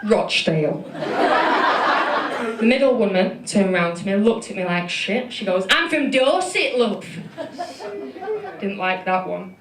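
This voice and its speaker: A woman's voice: mid-range voice, unhurried, long pauses. Young Mancunian woman doing stand-up. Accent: Manchester. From Manchester, England. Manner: chatty, self-deprecating storytelling with lots of fillers. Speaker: stand-up comedian. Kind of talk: stand-up comedy set. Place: comedy club stage. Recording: echoey venue with audience laughter. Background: crowd laughing.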